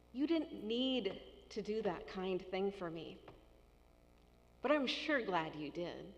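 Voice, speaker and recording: A woman pastor giving a sermon in a church, speaking slowly and deliberately. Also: mid-range voice, animated, muffled recording. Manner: slow, deliberate preaching with acted-out tones. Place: church sanctuary. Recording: long church reverb.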